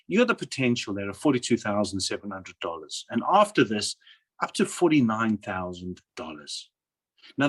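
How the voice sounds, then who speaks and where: A man's voice: mid-range voice, husky. Persuasive South African man presenting. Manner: persuasive, asks and answers his own questions. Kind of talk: sales presentation over slides.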